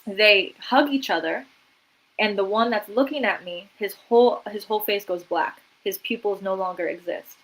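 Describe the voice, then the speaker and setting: A woman, an artist and author, appears as a guest on a livestream interview, retelling events vividly and dramatically and quoting her own thoughts. Her voice is medium-pitched and fairly bright at normal speed, though the audio is poor.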